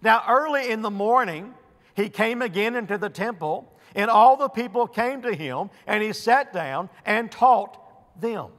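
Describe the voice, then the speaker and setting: A man preaching a sermon as pastor, slow and emphatic, leaning hard on key words with pauses between them. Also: high voice, expressive, a bit bright. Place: church sanctuary. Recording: long reverb of a church hall.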